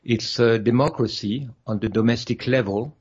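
Male guest, husky and low, halting speech full of "uh"s, muffled lo-fi audio. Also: a little mellow. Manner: hesitant, many fillers and restarts. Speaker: guest author. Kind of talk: interview over a phone line.

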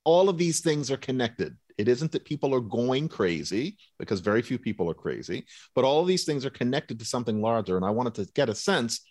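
A man's voice: mid-range voice, animated, fairly quick, few pauses, darkish tone, no echo, clean studio sound. A man who is a linguistics professor, a guest on a radio show, answering in articulate, analytical, long connected sentences.

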